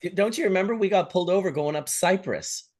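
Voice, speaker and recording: A man's voice: high voice, fast talker. A Canadian man in casual chat, talking in a laid-back, slangy way.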